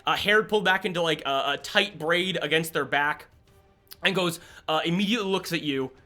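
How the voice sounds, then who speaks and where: A man narrates a tabletop game as game master, rambling with restarts as he builds scenes. His voice sits high and bright, with a forceful ring. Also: fairly quick, faint music behind.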